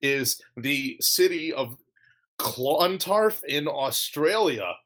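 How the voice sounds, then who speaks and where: A man's voice: fairly high pitch, lively intonation, slow pace, fairly bright tone. A man hosting a casual podcast, joking around and spinning mock-spooky stories. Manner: playful, spins a mock-spooky tale. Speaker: podcast host.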